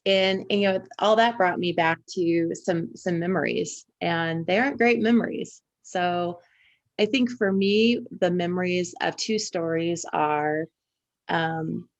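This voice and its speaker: A woman from Indiana with a low, gravelly voice talks through her own memories in a relaxed podcast chat. She reflects as she goes and lets the stories unfold at length. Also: a little slow, lo-fi sound. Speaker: podcast co-host. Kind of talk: casual conversation.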